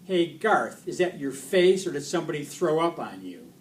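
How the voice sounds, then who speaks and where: A shrill, frantic schoolboy bully, as a man puts him on, pitched well above the reader's own voice and pushed loud. He shrieks and blusters. The voice sits a little away from the mic, with a faint hiss behind it. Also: animated, moderate pace, roomy sound, lightly acted. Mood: mocking. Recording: distant mic, faint noise.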